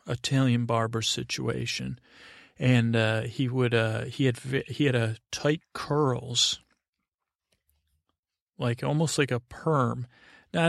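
Rambling man with a gravelly voice. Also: mid-range voice, no echo, studio quality. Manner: meandering, full of fillers and restarts. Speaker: podcast host. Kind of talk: rambling bedtime storytelling.

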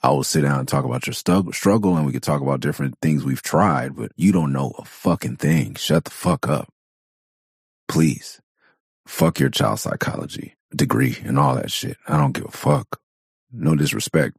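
A man's voice: a bass voice, animated, moderate pace, creaky, husky, no room sound, studio quality. A man from Southern California hosting his own podcast, a father of four, talking in a blunt, profane, candid way and laughing often. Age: adult parent of four. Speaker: podcast host. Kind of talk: casual podcast monologue.

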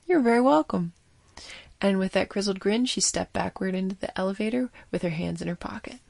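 A woman's voice: mid-range voice, fast, creaky, a little mellow, no echo. A woman reading a scripted first-person audio drama as narrator, with a wry storytelling manner.

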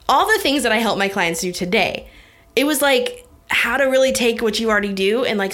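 A young woman speaks straight to her listeners in a casual, energetic coaching talk. Her voice sits in a middle pitch, and she keeps things friendly and chatty, calling them guys and honey. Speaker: business coach.

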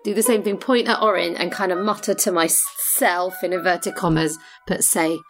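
A woman's voice: lowish voice, steady tone, normal speed, faint music behind. A woman playing in a tabletop role-playing game, talking in a playful, giggly way. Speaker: player.

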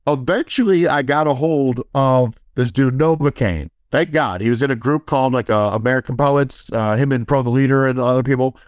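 A man's voice: medium pitch, brisk, hardly any pauses, no room sound, clean studio sound. A man casually telling a long, profane story, acting out quoted dialogue and laughing as he goes.

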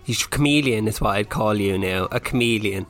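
A man's voice: fairly low pitch, fairly quick, a bit bright. A man with a Northumbrian accent co-hosting a podcast, bantering in a joking, sweary way. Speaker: podcast co-host. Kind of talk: casual chat.

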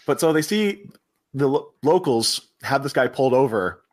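A man hosting a podcast, casually recapping a film with animated retelling that keeps slipping into quoted lines. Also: medium pitch, normal speed. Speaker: podcast host.

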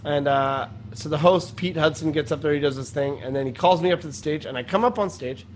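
A man who is a stand-up comedian and podcast host, telling an animated, rambling story in casual chat. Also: a little high, brisk, noisy background.

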